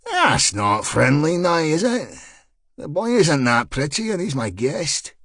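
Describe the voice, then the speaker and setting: A man's voice: on the high side, huge pitch swings, a little slow, a bit bright, slightly rough, no room sound, full character voice. A man putting on a burly tattooed detective with a put-on Northern Irish accent, needling and mock-friendly, all menace behind a grin. The voice is recorded dry and close. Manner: put-on Belfast tough-guy act, needling.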